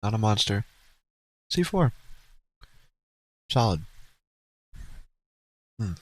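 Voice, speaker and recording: A man's voice: fairly low pitch, very animated, drawn-out words, dry recording, poor audio. A man streamer giving casual, blunt and profane commentary to his chat as he reacts to a livestream. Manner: blunt, profane, rambling asides.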